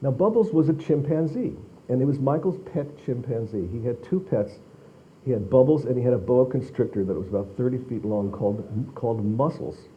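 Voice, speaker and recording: A man's voice: medium pitch, narrow, tinny audio. A man, an author speaking at a library talk, telling an anecdote with many restarts and repeated words. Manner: halting, repeats words as he talks. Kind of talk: anecdotal storytelling to an audience.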